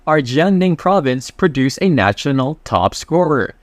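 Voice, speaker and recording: A man narrates a comic plot in an offhand, slangy manner, tossing in asides as he reads out what each character says. His voice sits a little higher than most men's, and the recording is close and dry with no room sound. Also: lively intonation, a little slow, dry recording. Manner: loose, chatty, slangy retelling. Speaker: manhwa recap narrator. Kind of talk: casual story recap narration.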